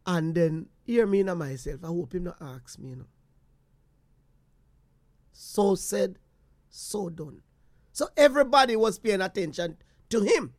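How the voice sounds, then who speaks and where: Jamaican man, storytelling monologue, animated, patois slips, dry close sound. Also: high-pitched, unhurried, pauses often, no room sound. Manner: animated, slipping into patois, repeats phrases.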